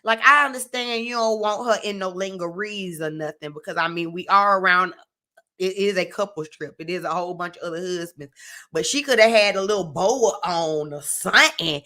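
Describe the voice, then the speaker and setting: A woman's voice: fairly low pitch, moderate pace, pushed and bright. A young woman casually recapping a reality TV episode, talking straight to her viewers in a chatty, opinionated way. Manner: chatty, addresses viewers directly, frequent "like" and "you know what I'm saying".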